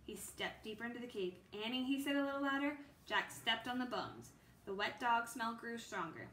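A woman reading a children's chapter book aloud in a steady storytelling way. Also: a little high, normal speed, a little hiss or hum. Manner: steady storytelling with small slips. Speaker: reader. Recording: roomy with faint ambience.

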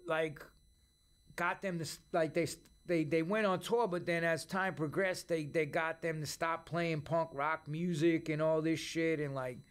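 A middle-aged man with a New York accent telling profane, animated stories in a casual interview. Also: on the high side, clean tone. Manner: profane, animated storyteller who acts out quoted voices. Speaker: podcast guest.

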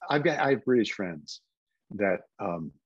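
A man's voice: fairly low pitch, lively intonation, measured pace, breathy edge, no echo, muffled recording. A man in his seventies, a guest actor telling anecdotes in a casual interview and slipping into put-on voices when quoting people. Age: 70s.

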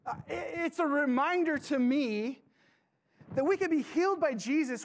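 A man's voice: very high voice, expressive. Fervent male preacher. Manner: passionate preaching with dramatic pauses and direct questions to the congregation. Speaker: pastor. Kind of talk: sermon.

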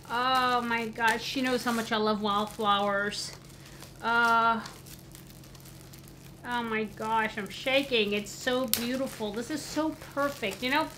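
A woman vlogger unboxing a gift in a casual chat, gushing and excitable, with gasps and soft exclamations. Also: mid-range voice, a little hiss or hum, rough recording.

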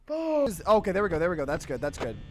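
A woman's voice: fairly low pitch, sing-song, fast talker, a little hiss or hum. A woman streamer reacting to a horror game, jumpy, shrieking and swearing at every scare. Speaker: gaming streamer.

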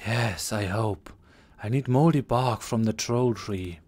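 A man's voice: on the low side, slow, a little mellow. A man reading as a distant young priestess. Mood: polite, distant. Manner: polite and distant. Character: young aloof female temple priestess.

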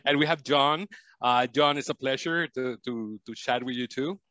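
A man's voice: medium pitch, animated, unhurried, bright, forceful tone, no echo, dull audio. A man hosting a convention panel, introducing guests in a friendly way and laughing readily. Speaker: podcast host and panel moderator. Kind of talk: moderating a panel.

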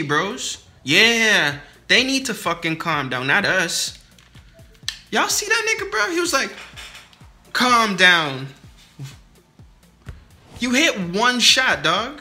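A man's voice: high-pitched, bright, forceful tone. A young man giving casual, heated commentary over his own basketball video game match, swearing and trash talking his teammates and opponents.

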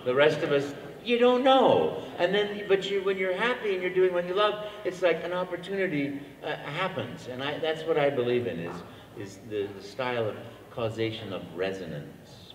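An older man, a voice actor, telling a long, animated story on a convention panel, with frequent restarts. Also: mid-range voice, moderate pace, a little hiss or hum. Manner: animated, rambling anecdotes with restarts. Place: large convention hall. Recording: echoey convention hall, mic from far.

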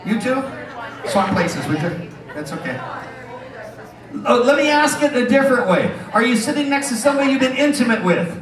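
A man working as a stage hypnotist, bantering loudly and crudely with volunteers and the audience. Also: very high-pitched, lively intonation, normal speed, long pauses, distant mic. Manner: brash, teasing, loud crowd banter. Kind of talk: live stage comedy show. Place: casino showroom stage. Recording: roomy hall recorded from afar, audience. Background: audience laughing.

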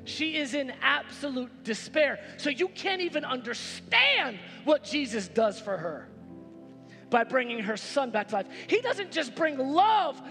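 A man's voice: extremely high pitch, sing-song, a little slow, gravelly, sharp tone. A man preaching a sermon as pastor, emphatic and repetitive, building to exclamations. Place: church sanctuary. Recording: reverberant church hall with background music.

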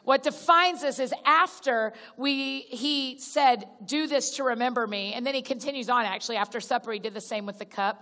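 Speaking at a moderate pace with few pauses, this woman has a high-sitting voice and a sharp tone. She's a guest speaker at a church gathering, talking conversationally and directly to the crowd as y'all while restarting sentences and acting out little prayers. The recording carries the long reverb of a large church auditorium.

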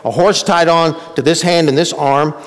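A man preaching a sermon as pastor, talking to the congregation as if in conversation. His voice sits a little high and leaps up for emphasis, then sinks low and quiet. It rings with the long reverb of a church sanctuary. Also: fairly even intonation, moderate pace. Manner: conversational preaching with sudden emphatic rises and drops.

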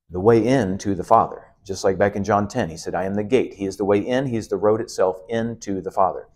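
A middle-aged man delivers an expository sermon in a low voice. He builds his points through emphatic repetition and drops in an occasional "um" or "uh" as he teaches. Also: brisk, few pauses, darkish tone. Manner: emphatic, building repeated phrases, with "uh" and "um" fillers. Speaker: pastor teaching a Bible lesson.

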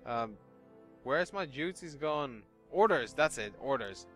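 A man's voice: medium pitch, expressive, slow, a bit bright, faint music behind. A man giving sweary, sardonic, rambling commentary while playing a video game. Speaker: let's play host. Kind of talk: casual gameplay commentary.

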